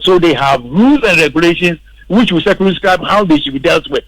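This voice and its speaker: This rough, dry recording catches a man on a radio studio panel giving political commentary, hammering his points and repeating words for emphasis. He talks fairly quickly in a slightly high, fairly bright voice with lively intonation.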